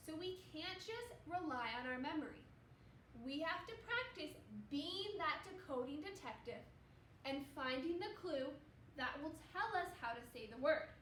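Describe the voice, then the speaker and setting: A woman's voice: extremely high pitch, fairly bright tone. A woman teaching a second grade reading lesson, explaining each step patiently and encouragingly. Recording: roomy, distant mic with faint background hum.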